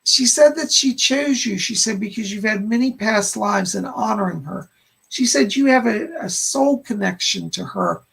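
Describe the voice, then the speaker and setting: A man's voice: sits high, moderate pace, gravelly, fairly bright tone, breathy edge. A man hosting a live stream, giving psychic readings and passing on spirit messages with many "he said" and "hold on" asides. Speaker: psychic medium host.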